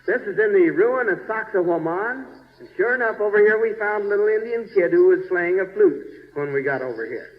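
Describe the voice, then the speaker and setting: A man's voice: high voice, animated, brisk. A man, a church bishop, narrating a slide show in a folksy, chatty way, checking in with his listeners and groping for place names. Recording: dull 1970s recording with long reverb.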